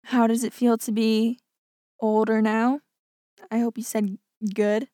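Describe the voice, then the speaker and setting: A woman's voice: on the high side, flat delivery, takes it slowly, pauses often, dark tone, dry recording, studio quality. A young woman hosting a casual podcast, reading out listener stories and chatting about them, often saying "like". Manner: chatty, says "like" often, laughs things off. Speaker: podcast host.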